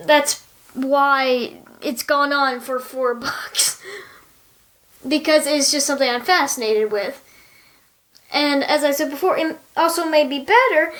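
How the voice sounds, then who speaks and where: A young woman with a high, light voice chats straight to her channel's viewers. She is bubbly and talkative but earnest when she asks for their input. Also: a bit bright. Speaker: YouTuber. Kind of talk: casual chat to viewers.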